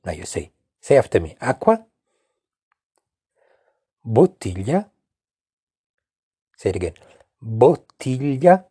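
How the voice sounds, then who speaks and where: A man's voice: sits low, sing-song, warm tone, husky, dry recording, studio quality. A father with an Italian accent, patiently giving his daughter a casual language lesson and repeating words for her. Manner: patient, repeats words slowly and coaxes the listener.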